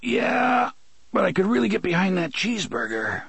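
A man's voice: high voice, sing-song, moderate pace, gravelly, a bit bright, slightly rough, no room sound, pitched above the performer's own voice, exaggerated voice. A man reading an audiobook, voicing a brash, slangy young man who cracks jokes. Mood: jokey. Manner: slangy, wisecracking. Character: young adult man, brash streetwise joker.

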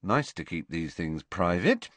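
Man reader as blunt teen boy, near his own voice, slightly low. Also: sing-song, unhurried, fairly bright tone, no echo, full character voice. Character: teenage boy, blunt, awkward.

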